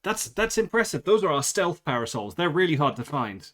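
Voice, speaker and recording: A man's voice: sing-song, brisk, fairly bright tone. A man voicing an overly friendly teenage girl working in a shop, with a put-on American accent and a stammer. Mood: chirpy. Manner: chirpy, raised pitch, stammering.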